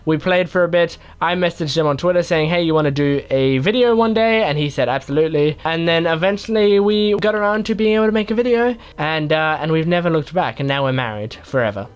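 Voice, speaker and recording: Playful rambling young man, slightly high voice. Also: brisk, few pauses, clean tone. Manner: rambling, playful, self-mocking. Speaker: YouTube gamer answering fan questions. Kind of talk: casual Q&A chat.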